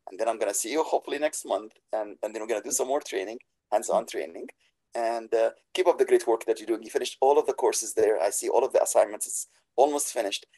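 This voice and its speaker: A man speaks over a video call with a mellow, slightly husky voice. He teaches in a webinar and piles on praise. His English is slightly broken. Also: mid-range voice, rough recording. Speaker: practitioner and instructor. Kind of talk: webinar talk.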